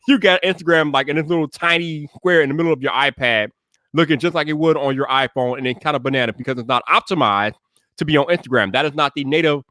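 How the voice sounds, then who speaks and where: A man hosting a tech podcast live, chatting casually with viewers and greeting them by name, then hyping his intro with shouted energy. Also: mid-range voice, no room sound, studio quality.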